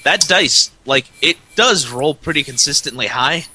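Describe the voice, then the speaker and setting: A man's voice: fairly high pitch, expressive, unhurried, sharp tone, a little hiss or hum, low-quality recording. A man co-hosting a casual gaming podcast, talking at length with lots of "like". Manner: talkative, many "like" fillers. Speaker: podcast co-host. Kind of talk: casual chat.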